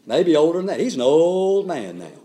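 Male preacher, lively pitch, emphatic, swings between booming and hushed delivery. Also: moderate pace. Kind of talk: sermon.

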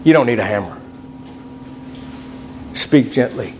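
A man's voice: animated, a little slow, a little hiss or hum. A middle-aged man preaching a folksy sermon, reading scripture aloud and telling personal stories. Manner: folksy, reads scripture aloud, pitch swings widely between points.

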